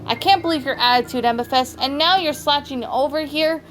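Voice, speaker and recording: A woman's voice: high voice, brisk, a bit bright, slight background noise, pitched above the performer's own voice. A woman voicing a frantic, fussy female gem warrior who scolds sharply, in a fan story reading. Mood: scolding. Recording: faint background music.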